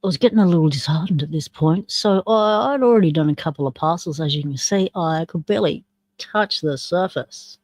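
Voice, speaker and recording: A chatty woman hosting a live stream, with a soft, mellow tone. She mutters her way through the stream software and chats along with a video. The sound is close and dry, with no room around it. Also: low voice, a little fast, no echo, low-quality recording. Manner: chatty, talks to herself while running the stream software; reads along with and comments on a video. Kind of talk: casual live-stream chat.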